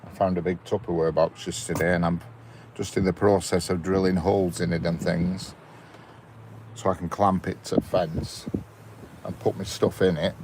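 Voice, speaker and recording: A man's voice: deep voice, flat delivery, normal speed, darkish tone, slight background noise. A man in a parked car chatting casually on a live stream, greeting viewers by name and chuckling. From England. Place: inside a parked car by a railway.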